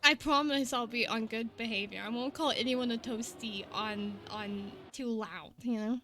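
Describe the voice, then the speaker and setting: A young woman streaming a game, chatting excitably with her viewers and laughing often. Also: on the high side, moderate pace, soft background music. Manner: excitable, giggly, chatty with chat. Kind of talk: casual gaming live-stream chat.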